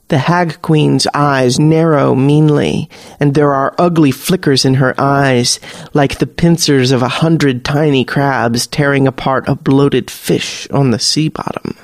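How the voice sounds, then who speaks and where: A man narrating a fantasy story podcast in a measured, deliberate storytelling manner. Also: medium pitch, fairly even intonation, no echo, clean studio sound. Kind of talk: scripted narration.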